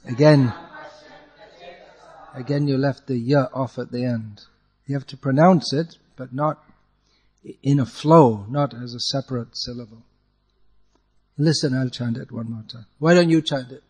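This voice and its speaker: A man teaching a class to chant Sanskrit verse, correcting pronunciation patiently and chanting lines slowly as an example. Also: mid-range voice, darkish tone, husky, in a large hall.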